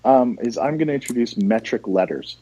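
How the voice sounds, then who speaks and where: Male comedian guest from North America, bouncy delivery, deadpan bluster. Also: medium pitch, a little fast, highs cut off. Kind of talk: casual chat.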